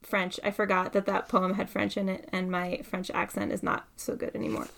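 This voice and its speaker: A woman's voice: medium pitch, level tone, brisk, creaky, background noise. A woman poet talking casually and thoughtfully about writing, often saying "like" and "right". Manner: thoughtful, uses many fillers like "like" and "right". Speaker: poet and guest speaker. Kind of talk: casual conversational talk with poetry reading.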